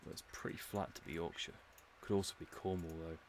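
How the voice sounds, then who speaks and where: He has a deep voice and a brisk delivery, an English man musing his way through a streamed game. The commentary is casual and rambling, laced with dry humour, over a little hiss or hum.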